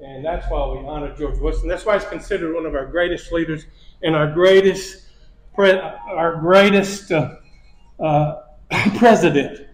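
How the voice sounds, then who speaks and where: Preacher, male, high-pitched, chuckling storyteller, roomy church sound. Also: steady tone, moderate pace. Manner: storytelling with repeated phrases and chuckles. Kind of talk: sermon lesson. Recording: echoey church hall.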